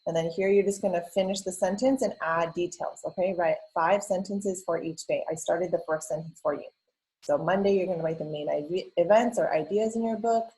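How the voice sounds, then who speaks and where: A woman teaching a recorded lesson to elementary students, patiently explaining each step with frequent "um" and "okay" and reading examples aloud with clear pauses. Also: fairly low pitch, warm tone, low-quality recording. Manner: patient, explains step by step, many ums and okays; reads example sentences aloud with exaggerated pauses. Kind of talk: recorded remote lesson walkthrough.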